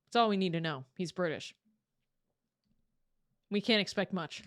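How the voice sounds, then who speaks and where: A young woman streamer chatting casually while reacting to a video, curious and quick to laugh. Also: on the low side.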